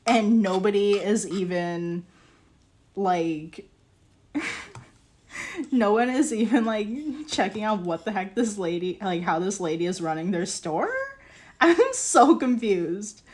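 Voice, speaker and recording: Young woman, casual chat, animated delivery, lively pitch, unhurried, filler-heavy, incredulous. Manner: animated storytelling, frequent "like" and laughter; exasperated, incredulous. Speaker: ceramics live streamer. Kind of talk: casual chat while working.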